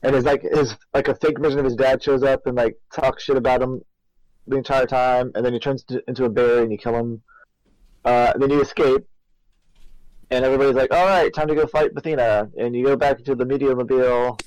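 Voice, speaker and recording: A man's voice: mid-range voice, fairly even intonation, brisk, darkish tone, no room sound, poor audio. Dry-miked man rambling through a recap. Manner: rambling, filler-heavy plot summary. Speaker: podcast co-host. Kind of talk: casual game recap chat.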